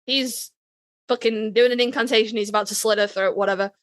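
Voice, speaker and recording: Woman co-host, higher pitch, animated casual storyteller who swears freely. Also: fairly quick. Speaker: podcast co-host. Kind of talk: casual chat recapping a TV episode. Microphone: online voice chat.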